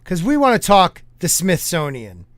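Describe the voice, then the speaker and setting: A man's voice: high-pitched, wildly swooping pitch, normal speed, a bit bright, dry recording, clean studio sound. A man hosting a podcast, joking casually and stumbling over words as he reads old newspapers aloud. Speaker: podcast host.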